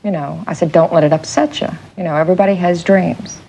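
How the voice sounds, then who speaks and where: Low-voiced woman recalling what she saw. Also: quick pace, vocal fry, low-quality recording. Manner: animated retelling with quoted speech. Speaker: interviewee, witness. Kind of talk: casual interview recollection.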